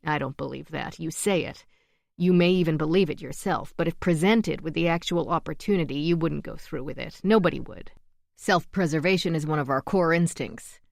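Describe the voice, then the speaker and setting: A woman's voice: sits low, normal speed, creaky, no echo, clean studio sound. A woman voicing an evasive, frightened male senator. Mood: defensive. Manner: defensive, uneasy.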